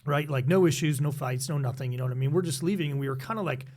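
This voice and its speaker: A man's voice: fairly high pitch, fast, darkish tone. A man hosting a podcast, telling a rambling, profane service story and constantly checking in with his guest. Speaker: podcast host, former serviceman. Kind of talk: casual storytelling chat.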